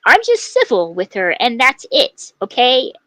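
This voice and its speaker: A woman's voice: on the high side, wildly swooping pitch, a little slow, pushed and bright, no room sound, poor audio. A woman livestreamer ranting angrily at a rival. She swears often and stumbles through fillers and restarts. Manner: heated, profane, with many fillers and restarts. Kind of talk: angry livestream rant at a rival.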